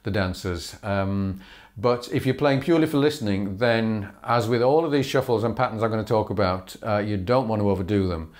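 This fiddle teacher has a lowish voice and a brisk delivery. His instructional lesson is easygoing and explanatory, sprinkled with small laughs and fillers as he counts out the bows.

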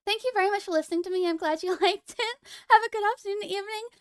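A young woman streams and chats with her viewers in a playful, teasing tone, breaking into giggles often. Her voice sits very high. The sound is dry and close, with no room around it. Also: very fast, no echo. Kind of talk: casual stream chat.

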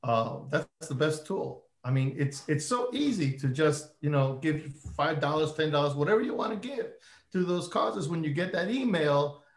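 A man speaking as a panelist on a virtual conversation, measured and hesitant, pausing on fillers. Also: fairly high pitch, animated, reverberant. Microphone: video call.

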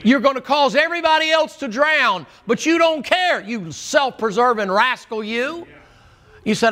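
High-voiced folksy preacher. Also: male voice, moderate pace. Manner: folksy, animated storytelling. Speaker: pastor. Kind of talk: sermon.

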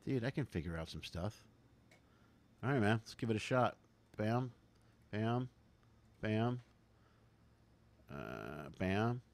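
Low-voiced man muttering, dry sound. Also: big pitch swings, slow, pauses often, dry recording. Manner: mumbling to himself while setting up a clip. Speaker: host. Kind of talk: casual chat.

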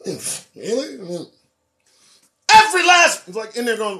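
A man hosting his own show, delivering a profane, preachy political monologue that swings between loud emphasis and low asides. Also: wildly swooping pitch, fairly quick, creaky, pauses often, slight background noise. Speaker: host.

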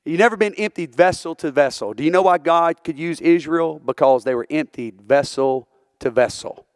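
A man's voice: on the high side, normal speed, dry recording, studio quality. A male preacher delivering a sermon in church, earnest and full of rhetorical questions, building into fervent preaching. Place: church sanctuary.

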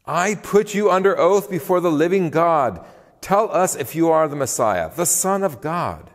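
A man reading a stern ancient high priest, raising his voice in insistent questions. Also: lively intonation, a little slow, in a large hall. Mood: demanding.

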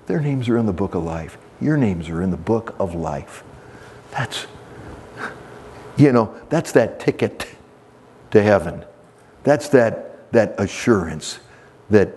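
A male pastor preaching a verse-by-verse sermon in a church, emphatic and repetitive, swinging between soft and animated delivery. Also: lowish voice, slightly rough.

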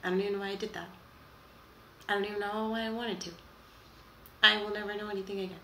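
Young female reaction vlogger, bright and gravelly, melodramatic and exasperated, echoey room. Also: medium pitch, level tone, fast talker. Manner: dramatic, exasperated, trails off and restarts. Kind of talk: casual reaction chat to camera. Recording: echoey room with faint background noise.

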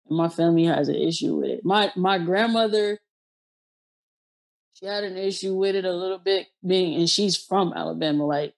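A woman from Ohio hosting a podcast, telling personal stories in a slangy, blunt, animated way. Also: fairly low pitch, creaky. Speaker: podcast host. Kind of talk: casual podcast chat.

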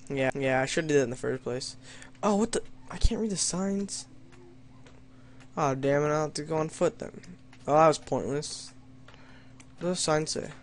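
A man's voice: on the high side, moderate pace, slight background noise. Young man narrating a game, wry and playful. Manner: reads story lines in mock-dramatic tone, then jokes wryly at himself. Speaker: gamer playing an adventure map. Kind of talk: let's play commentary.

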